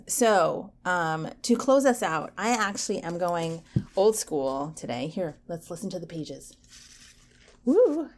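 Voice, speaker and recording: Hosting a casual self-help podcast, a woman with a slightly low voice for a woman is playful and animated, shifting from hushed asides to bright, emphatic bursts. She slows down and softens whenever she reads poetry.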